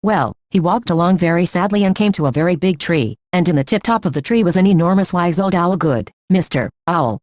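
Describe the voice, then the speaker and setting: A woman reads a short story aloud for an audiobook, her pace steady and measured. Her voice sits on the low side, and the recording is dry and close, with no room echo. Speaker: audiobook reader. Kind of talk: scripted story narration.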